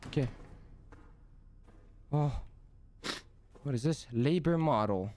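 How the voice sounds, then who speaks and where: Another young streamer narrates his gameplay in a let's play, skittish, profane, and talking to himself. He speaks slowly with frequent pauses in a mellow, mid-range voice, over a bit of hiss or hum.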